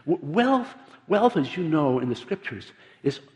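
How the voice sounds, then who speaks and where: A man preaching a sermon in an animated, emphatic way, with many repeated restarts. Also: a little high, measured pace. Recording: long reverb of a large hall.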